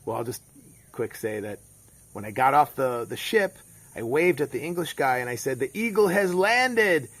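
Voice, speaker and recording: A man's voice: mid-range voice, normal speed, husky, no room sound. A middle-aged man, telling a rambling story in a casual monologue full of fillers and restarts. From United States. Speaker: vlogger.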